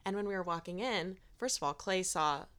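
A woman's voice: on the low side, fairly quick, fairly bright tone, clean tone. Gushing young woman podcast co-host. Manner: enthusiastic, gushing, laughs easily. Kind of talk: casual chat.

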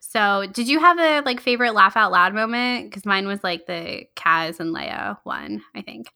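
A woman's voice: medium pitch, very animated, moderate pace, vocal fry, pushed and bright. A woman co-hosting a podcast, chatting in an upbeat way with many ums and likes. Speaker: podcast co-host. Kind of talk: casual chat.

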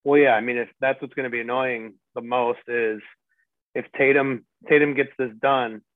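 A man's voice: mid-range voice, steady tone, normal speed, no echo. A man co-hosting a podcast in casual sports chat, grumbling and swearing, often restarting his sentences. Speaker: podcast co-host. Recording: tinny, dry phone-like line.

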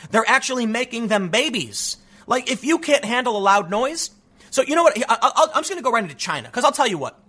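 A man's voice: extremely high pitch, big pitch swings, a little fast, pushed and bright. A man delivering a sarcastic, ranting opinion monologue as a commentary host.

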